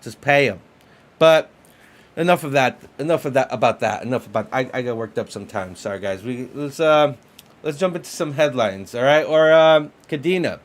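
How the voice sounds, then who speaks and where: A man hosting a casual livestream about crypto, excitable and repetitive, full of fillers like "you know" and "man". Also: mid-range voice, a little fast. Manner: excitable, repeats himself, lots of fillers. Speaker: crypto stream host.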